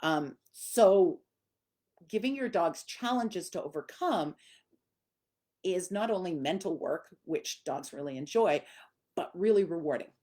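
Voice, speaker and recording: A woman dog trainer from Canada, middle-aged, with a fairly low voice. She teaches in a relaxed, conversational way and now and then acts out what a dog or an owner might say. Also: unhurried. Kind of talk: instructional talk.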